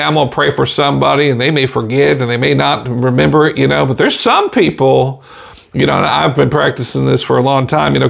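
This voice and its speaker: A man with a fairly high, gravelly voice preaches a relaxed podcast sermon. He talks in a folksy way, scatters "amen" and "you know" throughout, and chuckles softly between points.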